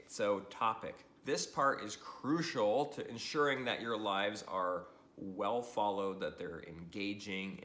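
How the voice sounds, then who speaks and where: A man giving an energetic social media training talk to the camera, upbeat and animated, often laughing and tagging lines with "right?". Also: on the low side, echoey room.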